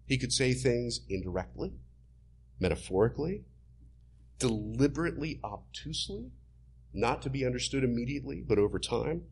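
A man's voice: medium pitch, animated, normal speed, a little mellow, husky. A man preaching a sermon in an emphatic, teaching manner.

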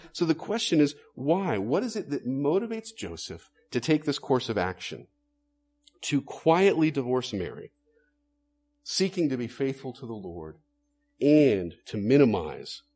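A man's voice: mid-range voice, sing-song, measured pace, mellow, breathy edge. A male preacher giving a sermon in an earnest way, posing rhetorical questions and stressing key words.

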